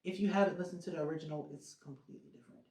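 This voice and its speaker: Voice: medium pitch, fairly even intonation, rapid-fire, darkish tone. A podcast host chatting casually on their own, rambling with lots of "um" and "like" fillers. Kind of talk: casual solo podcast chat. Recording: roomy echo.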